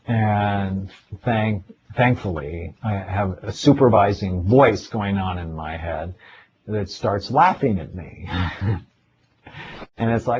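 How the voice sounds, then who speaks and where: A man's voice: deep voice, takes it slowly, noisy background. A middle-aged man, a psychiatrist, giving a casual spoken lecture in a webinar and telling personal stories, acting out his own inner thoughts. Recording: dull lo-fi webinar audio with faint ambience.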